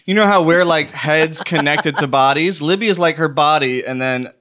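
A man's voice: fairly high pitch, moderate pace, bright, forceful tone. A man hosting a casual comedy podcast, telling bad jokes, rambling and laughing at himself. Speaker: podcast host.

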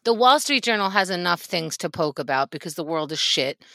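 A woman's voice: on the low side, animated, bright, forceful tone, no room sound. Blunt, profane woman in casual chat. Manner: blunt and profane, quick asides. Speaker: podcast co-host.

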